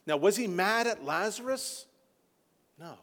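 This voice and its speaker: A man preaching a sermon as a pastor, impassioned, rising to near-shouting peaks. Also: high-pitched, lively intonation, a little slow. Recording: long hall reverb.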